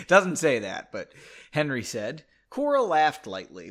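A man's voice: a little high, huge pitch swings, slow pace, fairly bright tone. A man reading his own story aloud, breaking off for joking asides and self-corrections. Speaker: reader of his own book.

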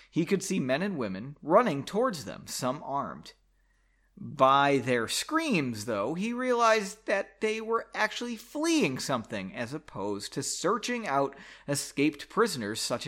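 A man reads his own novel aloud with a bright, lively voice that swings widely in pitch. He keeps breaking off to poke fun at his own sentences and word choices. His voice sits a little high for a man. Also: unhurried. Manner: self-mocking, stops to comment on his own writing. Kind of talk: reading aloud with chatty asides.

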